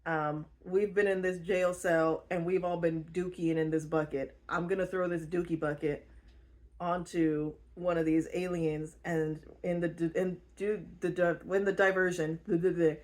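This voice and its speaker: A woman putting on a feisty young woman, gung-ho and repetitive, pitched a touch low and pushing everyone to fight back. She sounds like a storyteller's quick impression. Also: flat delivery, a little mellow, natural voice. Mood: determined.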